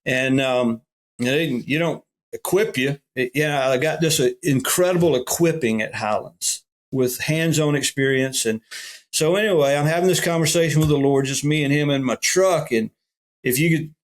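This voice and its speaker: A man's voice: mid-range voice, moderate pace. A middle-aged man with a Southern US accent, a pastor telling folksy stories in a podcast interview. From Alabama. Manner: folksy, animated when quoting others.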